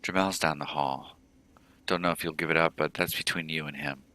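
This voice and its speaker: A man's voice: very deep voice, fairly even intonation, a little fast, sharp tone. A man reading a frightened cyberpunk mother. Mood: wary. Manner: reads game dialogue aloud plainly. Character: frightened middle-aged mother in a cyberpunk slum.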